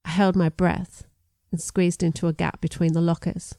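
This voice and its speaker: Expressive woman narrating a story. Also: normal speed, dry recording, clean studio sound. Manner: expressive, lifts pitch for dialogue. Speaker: audiobook narrator. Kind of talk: first-person storytelling narration.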